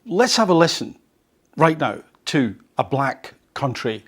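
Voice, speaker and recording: A man's voice: mid-range voice, very animated, a little slow, slightly rough. A male podcast host who reads an article and comments on it, conversational and fond of rhetorical questions. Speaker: host of a language learning podcast.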